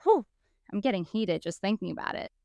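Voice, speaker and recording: A woman's voice: medium pitch, brisk, gravelly, no room sound. A woman co-hosting a podcast, telling a story in casual chat and acting out the people she quotes. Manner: animated, acts out quoted people. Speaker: podcast co-host.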